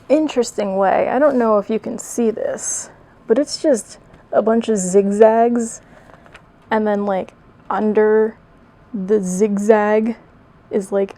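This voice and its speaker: A young woman reads her childhood fan fiction aloud and picks it apart with sarcastic, self-mocking commentary. Her voice sits a little high, with a gravelly fry at the ends of her phrases. She laughs at herself as she goes. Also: mellow. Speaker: video creator. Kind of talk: comedic reading of her old fanfic.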